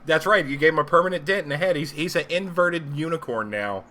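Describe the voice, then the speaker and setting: A young man on a casual live-stream chat show with a bright, forceful voice sitting a little high. He tells stories in a lively, profane way, over a faint hum of ambience. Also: quick pace. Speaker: co-host.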